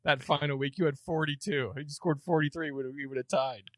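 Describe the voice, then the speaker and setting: A man's voice: fairly high pitch, steady tone, fast, a bit bright, no room sound. A man co-hosting a podcast in casual chat, teasing his friends and stumbling over his words. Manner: playful teasing, stammers and restarts. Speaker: podcast co-host.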